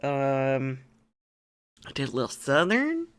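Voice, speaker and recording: A woman's voice: very deep voice, very animated, takes it slowly, clear, resonant tone, no echo. A woman streamer chatting casually to her viewers in a playful, giggly, self-deprecating way, on a close mic. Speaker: VTuber streamer. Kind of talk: casual chat to camera.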